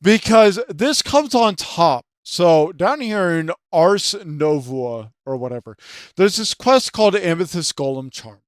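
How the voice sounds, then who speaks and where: A man's voice: fairly high pitch, animated, a little slow, no room sound, studio quality. A man hosting his own channel, ranting about a video game in a profane, rambling way full of filler words, trying to keep his voice down late at night. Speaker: channel host.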